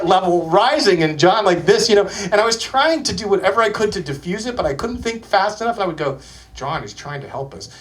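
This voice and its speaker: A man telling rambling anecdotes from a small club stage, hesitant and full of ums and restarts. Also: high-pitched. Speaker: performer telling stories on stage.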